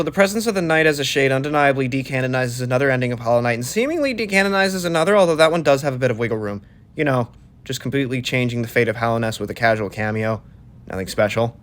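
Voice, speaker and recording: A man narrating a comedic game recap, fast and sarcastic, full of swearing and sudden excited outbursts. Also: medium pitch, soft background music. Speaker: gaming video commentator.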